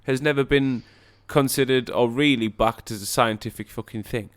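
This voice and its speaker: A man's voice: medium pitch, steady tone, moderate pace. A man co-hosting a podcast, chatting casually in a blunt, sweary, argumentative way. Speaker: podcast co-host. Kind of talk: casual chat.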